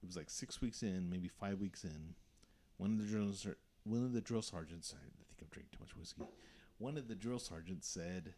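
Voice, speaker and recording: A young man chats on a podcast in a lowish voice. He tells his stories casually, with an animated delivery and plenty of swearing. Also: normal speed. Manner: swears a lot, animated storytelling. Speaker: podcast host.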